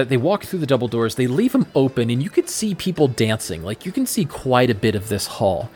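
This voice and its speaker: A man narrates a tabletop adventure as game master in a casual, rambling way. His pitch sits mid-range and he stumbles through restarts and fillers. Faint music plays underneath. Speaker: game master and podcast host.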